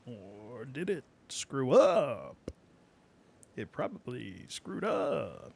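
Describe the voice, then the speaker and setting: Slow, rambling male game streamer. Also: medium pitch, vocal fry, husky. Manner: relaxed, rambling, trails off with fillers and soft laughs. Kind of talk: casual gameplay commentary.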